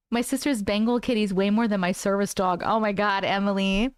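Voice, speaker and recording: A woman's voice: medium pitch, clear, resonant tone, dry recording, clean studio sound. A woman in her thirties hosting a casual live stream, chatting with viewers and laughing often.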